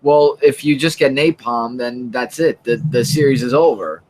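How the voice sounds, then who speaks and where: A man co-hosting a casual live show, talking in a halting way with frequent fillers and restarts. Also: mid-range voice, a little mellow, low-quality recording. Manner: halting, lots of uh and you know, restarts. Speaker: co-host. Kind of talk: casual chat about comics and TV.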